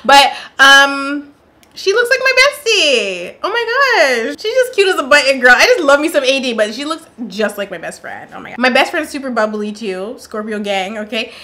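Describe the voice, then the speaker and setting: Sassy woman reacting to a show, high voice, laughs a lot. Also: sing-song, normal speed, pushed and bright. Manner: sassy, playful, laughs often. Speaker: reaction vlogger. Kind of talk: casual chat.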